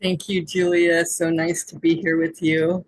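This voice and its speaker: A woman's voice: lowish voice, little pitch movement, unhurried, a little hiss or hum, low-quality recording. A woman who works as an intuitive guide, explaining spiritual astrology in an earnest way.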